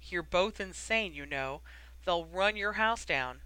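An audiobook reader voicing a weary, harried middle-aged wizard official who talks in a brisk, grumbling, wry way. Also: mid-range voice, lively intonation, sharp tone, clean tone, no echo, poor audio.

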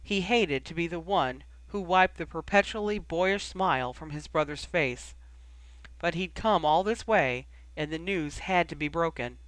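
A man's voice: a little high, measured pace, no echo. Man narrating a story, dry close sound. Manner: steady storytelling reading. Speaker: audiobook reader. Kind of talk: fan fiction audiobook narration.

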